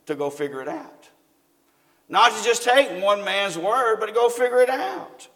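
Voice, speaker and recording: A preacher with a drawl and a fairly high voice delivers a homespun sermon. He keeps turning to the congregation with questions. His voice carries a long reverb through a church hall. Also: lively intonation, normal speed, a bit bright. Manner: folksy, asks the congregation questions.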